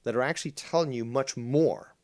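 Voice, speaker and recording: A middle-aged man hosting a casual call-in show, talking in a calm, droning monotone and cursing bluntly without ever raising his voice. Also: mid-range voice, a little fast. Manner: calm, never yells, blunt and profane. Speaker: show host.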